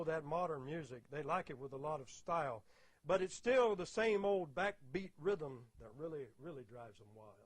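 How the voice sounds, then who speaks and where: An older man lectures on music, explaining rhythm and counting out beats with steady emphasis. His voice sits a little higher than most men's. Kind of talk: spoken lecture with audio clips.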